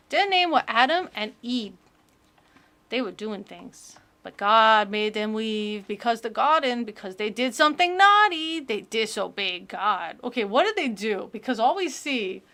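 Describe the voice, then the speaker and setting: A woman gives casual, rambling comedy commentary. She is incredulous and swears freely, and her voice sits fairly high. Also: a bit bright.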